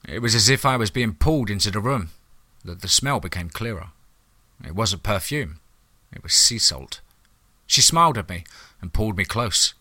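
A man tells a first-person monster-hunting tale in a wry, hard-boiled, profane way. His voice sits low and has a bright, sharp edge. The recording is dry and close. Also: dry recording. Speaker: storyteller. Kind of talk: first-person horror story narration.

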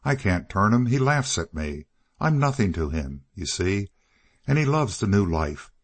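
A man voicing an earnest, passionate young woman for an audiobook, pitching his voice higher and pleading insistently. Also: sing-song, unhurried, exaggerated voice.

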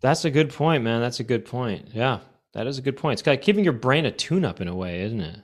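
A man's voice: mid-range voice, lively intonation, brisk, soft background music. A man co-hosting a comedy podcast, chatting casually and joking around. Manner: joking, does goofy barking song impressions. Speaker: podcast co-host.

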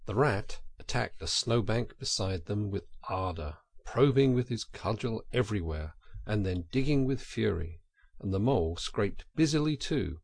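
Man narrating a storybook, gravelly, husky, dry close sound. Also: lowish voice, animated, moderate pace, no room sound. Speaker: audiobook narrator.

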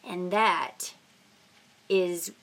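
A woman's voice: on the low side, extremely slow, creaky, fairly bright tone. A young woman with a scratchy voice from a sinus infection, chatting casually as a podcast host and telling stories full of "like" and "you know.".

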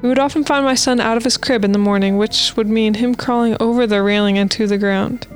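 A woman's voice: on the high side, fairly even intonation, a little fast, soft background music. A woman co-hosting a podcast, reading listener stories aloud in a casual, playful way with asides. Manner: reads posts aloud with playful asides and laughs.

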